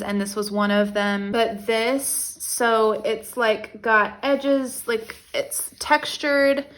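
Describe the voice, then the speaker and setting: A young woman vlogger chatting casually about her reading, rambling and excitable, with many fillers. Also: medium pitch. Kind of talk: casual chat to camera.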